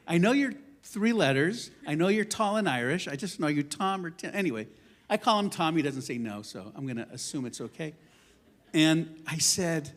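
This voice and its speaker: A man, a rabbi, giving a sermon in a synagogue, emphatic and impassioned, moving between loud declarations and quiet, humorous asides. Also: fairly high pitch. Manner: conversational storytelling with self-deprecating humor. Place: synagogue sanctuary.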